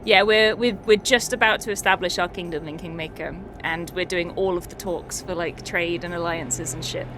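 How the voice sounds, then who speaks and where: A woman's voice: on the low side, fairly even intonation, moderate pace, hardly any pauses, a bit bright, slight background noise. A woman streamer chatting casually, swearing and laughing often as she recaps a tabletop game.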